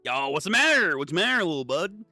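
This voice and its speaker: A man voicing a menacing young male witch hunter who mocks his prey in a coarse, bright voice. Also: on the high side, sing-song, fast, no echo, faint music behind, pitched above the performer's own voice, full character voice.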